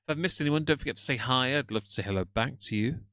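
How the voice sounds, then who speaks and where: A man's voice: medium pitch, expressive, fast talker, bright, forceful tone, no echo. A man doing sarcastic live-stream reaction commentary and greeting viewers by name.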